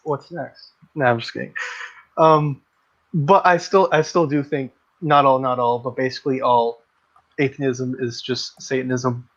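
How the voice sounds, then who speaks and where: A man's voice: mid-range voice, steady tone, unhurried, lo-fi sound. A man hosting a casual livestream discussion, speaking bluntly and with strong opinions as he reads out comments from the chat. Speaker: livestream host.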